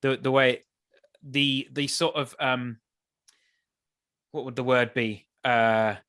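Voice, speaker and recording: A man, a songwriter guest on a podcast, talking in a thoughtful, hesitant way with many restarts, his voice still a bit rough from the early morning. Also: mid-range voice, fairly even intonation, takes it slowly, a bit bright. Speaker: musician guest. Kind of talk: casual interview chat.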